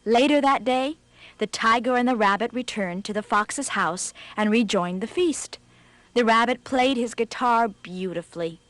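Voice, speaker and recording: A woman narrating a children's storybook in a scripted, expressive read, slowing for effect. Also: a little high, dry recording.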